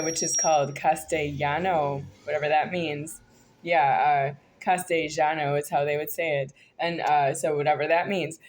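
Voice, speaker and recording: An American woman talking to her viewers in a rambling, halting monologue full of hesitations. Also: deep voice, fairly even intonation, a little mellow, slight background noise. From United States. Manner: halting, disjointed, many hesitations. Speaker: vlogger.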